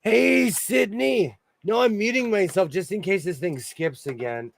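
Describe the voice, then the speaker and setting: A man hosting a sewing livestream, chatting casually and quickly while he works, talking out of the sides of his mouth. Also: sits high, creaky, no room sound. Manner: fast-talking, animated, self-deprecating.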